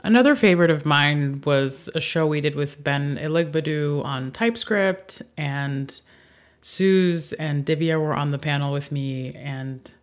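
Low-voiced bubbly woman podcaster. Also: measured pace. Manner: bubbly, laughs often. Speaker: podcast panelist. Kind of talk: casual podcast recap.

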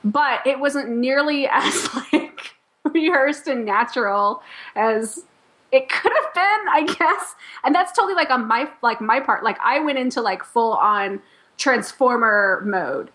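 A woman talks through a story in a loose, chatty way. She peppers her lines with "like" and breaks into laughs. Her voice sits a little high. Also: animated, unhurried, a bit bright. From Chicago. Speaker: podcast guest, company founder. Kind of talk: casual chat.

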